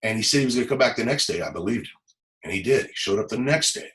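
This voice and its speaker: A middle-aged man from Los Angeles, a former police officer, telling a personal story in an interview, halting and repeating words, close to tears. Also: lowish voice, animated, fairly bright tone, poor audio.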